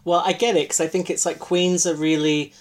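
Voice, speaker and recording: A man's voice: a little high, level tone, brisk. A man co-hosting a podcast, chatting casually and candidly, swearing freely and poking fun at himself. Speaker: podcast co-host. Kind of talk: casual chat.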